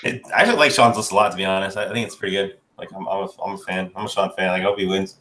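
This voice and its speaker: A man with a low but bright voice teases his friends in a casual chat. He jokes and needles them in a relaxed way. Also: rapid-fire, slight background noise. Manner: teasing, joking.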